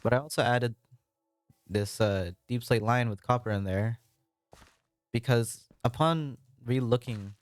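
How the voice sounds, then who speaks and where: A man's voice: medium pitch, unhurried, pauses often, no echo, soft background music. A man with an American accent, casually narrating his own gameplay with a rambling, apologetic, self-deprecating manner. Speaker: Minecraft building let's-play creator.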